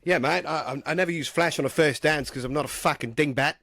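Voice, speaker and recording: A man's voice: a little high, fast talker, no room sound, clean studio sound, voice pushed up. A man putting on a hammy fake Australian bloke. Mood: blustery. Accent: put-on Australian. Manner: loud, hammy, clumsy impression.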